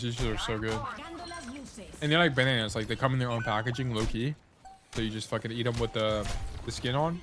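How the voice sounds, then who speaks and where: Male game coach, mid-pitch, casual and blunt, swears a lot, talks while snacking. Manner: blunt, swears freely, corrects himself often. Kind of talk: casual gameplay review coaching.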